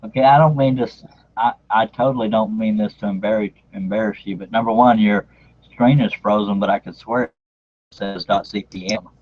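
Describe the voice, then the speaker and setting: A low-voiced man hosts a casual live stream over a video call, joking and chuckling between introductions. The audio is dull and lo-fi, like a compressed online call. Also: fairly even intonation, a little fast. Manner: joking, laughing, chatty, uses "y'all". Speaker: host.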